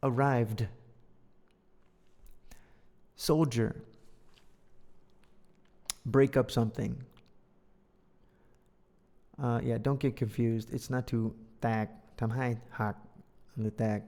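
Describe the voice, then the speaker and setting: A man teaching an English lesson, reading a storybook aloud and joking around between explanations. He speaks slowly in a gravelly voice. A long hall reverb trails after his words. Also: mid-range voice, darkish tone. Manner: playful, jokey asides.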